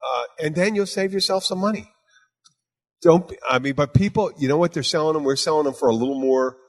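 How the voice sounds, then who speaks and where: Man, slightly high voice, animated, ranting, casual chat. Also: fairly quick. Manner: animated, ranting, swears freely. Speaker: co-host.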